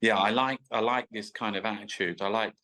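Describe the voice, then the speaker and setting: Sweary man, low voice. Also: steady tone, brisk, sharp tone, rough recording. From England. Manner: rambling, sweary, stop-start anecdotes. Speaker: guest artist. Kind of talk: casual storytelling interview.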